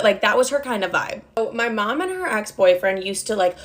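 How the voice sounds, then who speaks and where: A woman's voice: mid-range voice, expressive, fairly quick, few pauses. A young woman telling a story in a casual storytime, chatty, swearing often and saying "like" a lot.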